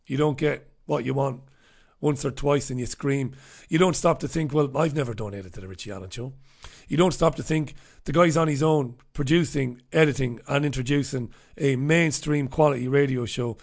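Gravelly, sardonic male livestream host. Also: medium pitch, steady tone, normal speed. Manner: sardonic, profane, rambling asides. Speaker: host of his own radio show and livestream. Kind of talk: casual livestream chat reading viewer comments.

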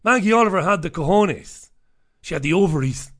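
A man runs a casual talk radio monologue, his voice sitting a little higher than most men's. He is sardonic and offhand and chuckles between asides. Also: animated, fairly quick. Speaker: radio show host.

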